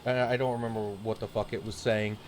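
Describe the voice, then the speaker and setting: A man's voice: lowish voice, little pitch movement, fast talker, a little hiss or hum. A man streaming a game while telling a grumbling, profanity-laced story in a casual chat. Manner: swears freely, grumbling rant.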